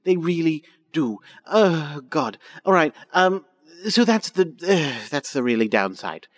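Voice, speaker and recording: A man's voice: on the high side, big pitch swings, measured pace. A man in improvised comedy chat, talking in a hesitant, stammering, aggrieved way.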